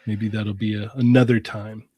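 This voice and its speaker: A man co-hosting a podcast, telling a lively story and acting out voices and engine sounds. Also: fairly low pitch, moderate pace, breathy edge, no echo. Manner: animated storyteller, acts out quotes and sound effects. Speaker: podcast co-host. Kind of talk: casual storytelling.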